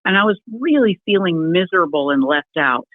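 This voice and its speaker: A middle-aged woman, a guest in an interview, telling her personal story in a lively way and acting out the people she quotes. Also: lowish voice, a little fast, no echo. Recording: tinny phone-like remote call, dry.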